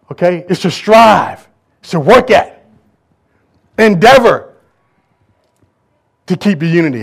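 Brief: middle-aged male pastor, lively sermon delivery, slightly high voice, loud-to-hushed swings. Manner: animated preaching, swinging from loud to hushed, addressing the congregation.

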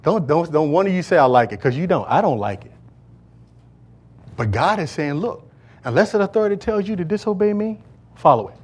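A male pastor preaching in a church service, his voice sitting fairly high for a man. He throws questions to the congregation and waits for them to complete each phrase. He drops into low, joking asides between loud, ringing declarations. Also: expressive, fairly quick, pauses often, husky. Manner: call-and-response preaching, asks congregation to fill in words. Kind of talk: sermon.

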